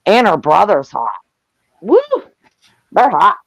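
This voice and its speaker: An older woman chatting on a live stream, loud, brash and profane, laughing often. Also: fairly low pitch, very animated, slow pace, creaky, dry recording. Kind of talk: casual chat. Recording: dull lo-fi sound.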